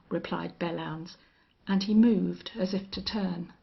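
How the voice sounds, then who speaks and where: A woman reads a western novel aloud at a slow, deliberate pace. Her voice is husky with a gravelly fry, and the recording is dull and lo-fi. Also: fairly low pitch, steady tone. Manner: measured storytelling. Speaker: audiobook narrator. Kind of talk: audiobook narration of a western novel.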